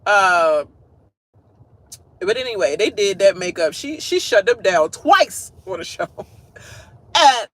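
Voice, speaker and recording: A man with a fairly high voice rants through a TV recap in a casual, blunt way. He swears freely and keeps breaking into laughter. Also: animated, takes it slowly, pauses often, fairly bright tone. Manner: blunt and profane, laughs often. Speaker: show recap host. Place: at work.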